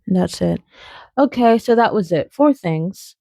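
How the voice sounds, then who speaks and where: Chatty young woman, mellow and dry. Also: medium pitch, expressive, measured pace, creaky, no room sound. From outside England. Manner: chatty and playful, with frequent fillers and tangents. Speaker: video essayist. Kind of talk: casual spoken video essay.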